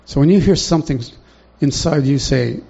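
Gravelly, dark-voiced male preacher. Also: a little high, moderate pace. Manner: conversational, asks the congregation questions. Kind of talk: sermon. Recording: dull lo-fi recording.

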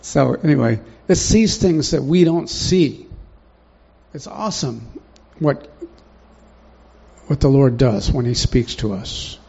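A man's voice: mid-range voice, slow pace, creaky, dark tone, slightly rough. A man preaching a sermon in a conversational way, often putting questions to the congregation, in a dull lo-fi recording.

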